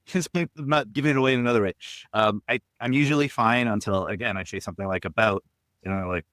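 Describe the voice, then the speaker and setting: A man's voice: medium pitch, fast, fairly bright tone, no echo. Canadian guy with strong opinions, mid voice, podcast co-host, dry close mic. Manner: opinionated, emphatic. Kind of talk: casual chat.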